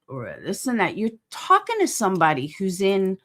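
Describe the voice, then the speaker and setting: A woman's voice: mid-range voice, huge pitch swings, normal speed. A woman hosting a casual commentary stream, talking bluntly and with swearing, rambling and groping for words while she greets chat viewers. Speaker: livestream host.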